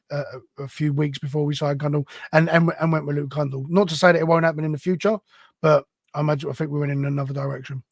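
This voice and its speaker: A man, co-hosting a football fan podcast in animated, casual chat, often swearing. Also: on the high side, creaky, no room sound, clean studio sound. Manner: animated, laughing, swears freely. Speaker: podcast co-host.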